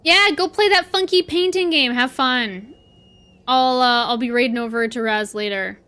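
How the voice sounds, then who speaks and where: A woman's voice: a little high, moderate pace, sharp tone. A woman from Canada, streaming a game and chatting casually, rambling and answering her chat aloud. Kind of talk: casual livestream chat while gaming.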